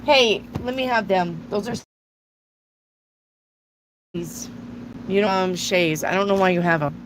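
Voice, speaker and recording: A woman's voice: medium pitch, a little slow, noisy background. A woman hosting a live tarot reading and answering viewers' questions in a blunt, casual way, with some swearing. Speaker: tarot reader.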